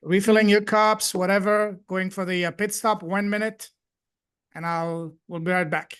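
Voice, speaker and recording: A man's voice: high-pitched, level tone, normal speed, a bit bright, smooth. A man hosting a live group call, effusive and grateful, thanking people again and again. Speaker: host and coach.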